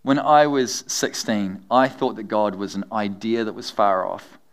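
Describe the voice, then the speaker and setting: With a fairly low voice and a measured pace, a middle-aged man preaches a sermon. As a pastor, he tells animated stories full of humor and laughs frequently.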